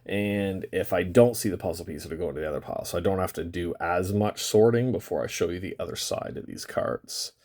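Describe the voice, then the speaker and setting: A man's voice: low-pitched, brisk, hardly any pauses, a little mellow. A man hosting a card-opening video in casual chat, rambling and swearing now and then, drawing out the ends of his phrases. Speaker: card-opening channel host. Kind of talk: casual chat while opening trading cards.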